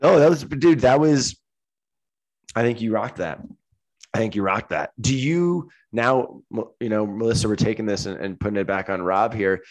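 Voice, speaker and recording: Low-voiced man teasing on a podcast. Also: normal speed. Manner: playful, teasing questions. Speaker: podcast co-host. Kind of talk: casual podcast chat.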